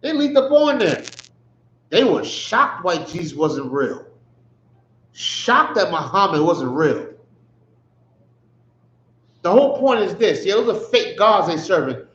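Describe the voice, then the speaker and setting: High-voiced man teaching with sarcastic mockery. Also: very animated, slow, long pauses, a bit bright, slight background noise. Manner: sarcastic, mocking, with rhetorical questions. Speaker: Bible study teacher. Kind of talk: street-style Bible teaching. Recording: echoey room, dull lo-fi sound.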